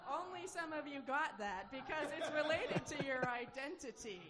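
A woman's voice: sits high, expressive, normal speed, a crowd in the background, noisy background. A woman speaking to a congregation in a chatty, wry way. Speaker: guest speaker. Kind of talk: casual talk to a congregation. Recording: long reverb hall.

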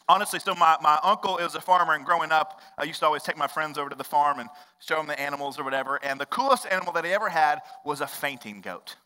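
A young adult man preaching a sermon as pastor, conversational, jumping from loud bursts to hushed low lines. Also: in a large hall, rough recording.

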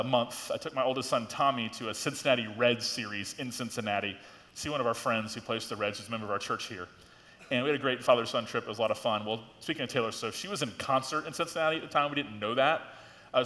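A middle-aged male pastor preaches in a loose, conversational way, leaning hard on key words. His voice sits at an ordinary middle pitch. The sound carries a long reverb from a church hall. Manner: conversational, animated preaching with frequent "like" and rising emphasis. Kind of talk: sermon. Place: church sanctuary.

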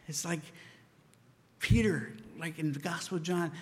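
A man's voice: high-pitched, normal speed, big-room sound. A man preaching a sermon in an earnest, conversational way, often asking "right?" of his listeners. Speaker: pastor.

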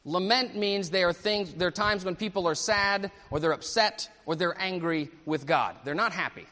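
A male pastor preaching a sermon at a church service, animated and asking the congregation questions. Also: high voice, moderate pace, in a large hall.

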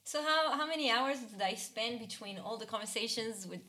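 A woman's voice: fairly high pitch, lively intonation, normal speed, pushed and bright. A woman co-hosting a casual conversation, reflecting on a past frustration with hesitations and easy laughter. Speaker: podcast co-host.

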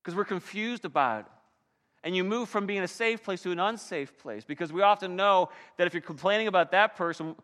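A man preaching a sermon in a church sanctuary, his delivery swinging between quiet, reflective stretches and loud, emphatic ones. His voice sits high and bright. A long reverb trails after his words. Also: brisk. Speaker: pastor.

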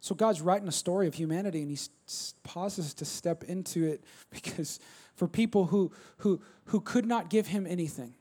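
A man preaching a sermon, swinging from loud emphatic bursts to quiet low asides. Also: moderate pace, hardly any pauses. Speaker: pastor.

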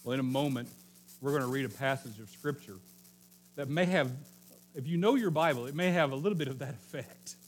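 A middle-aged man from Oklahoma preaching a sermon in a relaxed, conversational storytelling way, joking and correcting himself as he goes. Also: medium pitch, brisk. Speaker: pastor.

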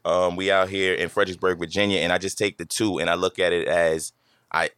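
A man's voice: low-pitched, little pitch movement, fairly quick, a bit bright, clean tone, dry recording, studio quality. A man from Long Island, New York, a guest musician talking loosely in a casual interview and often repeating himself. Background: hip hop music.

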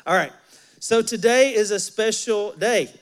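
High-voiced folksy Southern pastor. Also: male voice, unhurried, clean tone. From Alabama. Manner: folksy, joking, talks directly to the congregation. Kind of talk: sermon. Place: church sanctuary.

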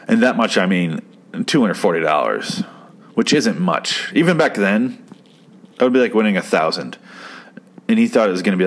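A man's voice: low-pitched, a bit bright. A man casually recapping and nitpicking a TV episode, swearing and joking sarcastically as he goes. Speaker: commentator reviewing a TV episode. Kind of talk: casual chat.

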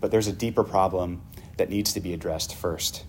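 A pastor voicing a gentle, compassionate teacher who speaks in a hushed, tender tone. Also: male voice, deep voice, steady tone, moderate pace, slight background noise, close to an everyday voice.

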